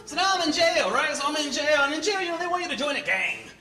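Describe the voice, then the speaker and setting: A man in his thirties performing stand-up, animated, landing loud punchlines and tossing in Spanish words. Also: extremely high pitch, fast. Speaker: stand-up comedian. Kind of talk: stand-up comedy set. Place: comedy club stage with live audience. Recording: echoey club with audience noise.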